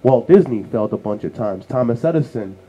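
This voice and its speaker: A man from New York City, co-hosting a casual podcast conversation and telling family stories in a lively, animated way. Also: medium pitch, brisk, low-quality recording. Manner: lively storyteller who acts out family voices. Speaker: co-host.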